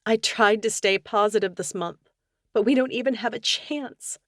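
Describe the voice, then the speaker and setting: A woman reader doing a distraught young wife in an audiobook, pitched well above her narrating voice and pushed louder. Her pleading lines crack with tears. The sound is close and dry. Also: moderate pace, dry recording, natural voice. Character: anguished young wife, tearful and desperate. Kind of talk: audiobook character dialogue.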